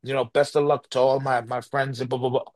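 A middle-aged man tells a story in a loose, rambling way, full of restarts and fillers. His pitch sits in the middle range, and he puts on the voices of the people he quotes. The sound is dry and close, with no room echo. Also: level tone, fast talker. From New York. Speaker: guest. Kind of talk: animated storytelling.

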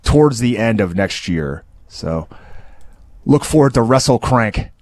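A man hosting a podcast, chatting casually as he reports news in a relaxed, plain way. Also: medium pitch, a little slow, no echo. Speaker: podcast host and combat sports reporter.

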